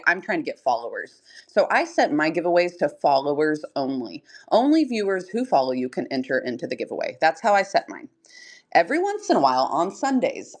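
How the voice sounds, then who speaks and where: A young woman hosts a seller-support livestream from home, explaining things quickly and chattily. Her voice sits a little low but moves up and down with lively energy, and she breaks into laughter often. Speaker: online reseller hosting a seller-support livestream. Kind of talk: livestream tutorial chat. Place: home room in front of shelves.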